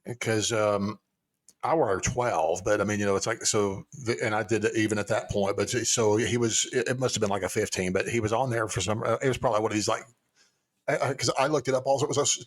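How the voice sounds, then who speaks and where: A man's voice: fairly low pitch, fairly even intonation, fast. Rambling, chuckling man in his fifties. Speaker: podcast co-host. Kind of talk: casual chat.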